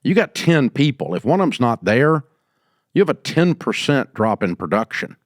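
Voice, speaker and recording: An older man hosting a business advice show, answering a caller in a folksy storytelling way and going quieter when he quotes people. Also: medium pitch, big pitch swings, moderate pace, dry recording, clean studio sound. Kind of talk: call-in advice talk.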